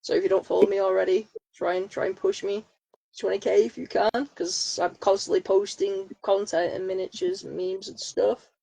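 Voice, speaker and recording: A woman's voice: mid-range voice, little pitch movement, normal speed, gravelly, dark tone, slightly rough, rough recording. A woman guest chatting casually on a podcast, hesitant with many fillers, getting over a cold. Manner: hesitant, lots of ums. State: has a cold. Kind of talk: casual chat.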